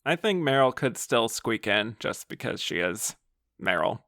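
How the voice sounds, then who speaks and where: A man's voice: medium pitch, very animated, a little slow, sharp tone, no room sound, studio quality. A man hosting a podcast in casual film chat, reading listener comments aloud and laughing often. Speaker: podcast host.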